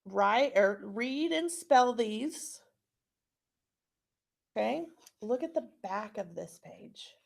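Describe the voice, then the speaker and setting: A woman teacher giving a recorded lesson to young pupils, speaking slowly and clearly and checking in often with "okay?". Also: on the high side, expressive. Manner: slow, clear instructional delivery with frequent checks. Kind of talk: recorded online class lesson.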